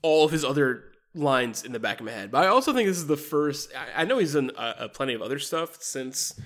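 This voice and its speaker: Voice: medium pitch, a little fast. A podcast host chatting casually about a movie, laughing often and restarting sentences. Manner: animated, laughing, stumbling restarts. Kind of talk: casual movie review chat.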